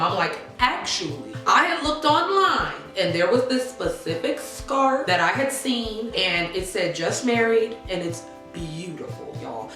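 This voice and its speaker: A young woman telling a casual storytime vlog, chatty and animated, talking straight to her viewers. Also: a little high, reverberant. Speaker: vlogger.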